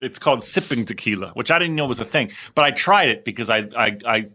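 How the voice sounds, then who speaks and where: A man hosting a podcast, talking in relaxed, chatty casual conversation. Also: mid-range voice, fast talker. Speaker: podcast host. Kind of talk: casual chat.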